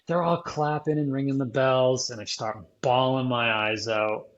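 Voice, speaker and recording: A man recounts a grueling experience as a podcast guest, his voice sitting at an ordinary middle pitch. He speaks casually and with real feeling, often breaking into laughter. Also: normal speed, dull audio. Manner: emotional, animated storytelling with frequent laughter. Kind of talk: casual storytelling interview.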